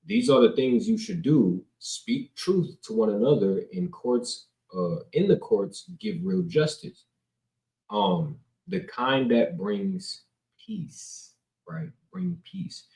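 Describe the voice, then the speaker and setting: A man's voice: medium pitch, very animated, slow pace, gravelly, dark tone. A man teaching from the Bible in a loose, slangy, conversational way, reading scripture and then riffing on it, filmed on a camera indoors. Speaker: preacher. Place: indoors, filming himself on camera. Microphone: camera mic. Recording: roomy echo.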